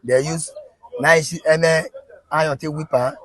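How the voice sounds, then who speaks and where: A man with a Nigerian Pidgin accent, an eyewitness giving halting, repetitive testimony. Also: fairly high pitch, fairly even intonation, fairly bright tone, husky, dry recording. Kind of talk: interview testimony.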